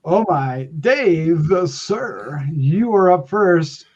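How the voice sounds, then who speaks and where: A man's voice: a little high, expressive, very slow, darkish tone, breathy edge, dull audio. A man hosting a review podcast in casual chat, upbeat and teasing, thanking listeners and leading the others through their turns. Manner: upbeat, teasing, self-correcting. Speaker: podcast host.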